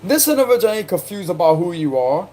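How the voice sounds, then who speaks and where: A man with a South Carolina accent does a casual tarot card reading, slangy and chatty and bursting into laughter. His voice sits high, with big pitch swings, a fast pace and a dark tone.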